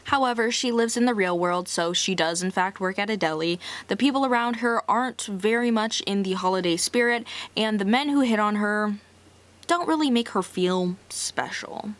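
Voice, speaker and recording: A young woman talks through a movie's plot in a loose, chatty recap, leaning hard on filler words. She drops sassy asides as she goes, and her voice sits at a comfortable middle pitch. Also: normal speed. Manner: chatty, heavy use of filler "like"; sassy side comments.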